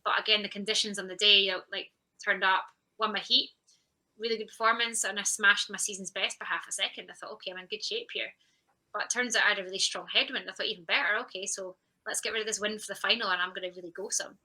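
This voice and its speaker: Bright-voiced woman telling a lively story. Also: medium pitch, quick pace, poor audio. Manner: animated storytelling, acting out her own past thoughts. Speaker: guest, champion sprinter. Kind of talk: conversational podcast interview.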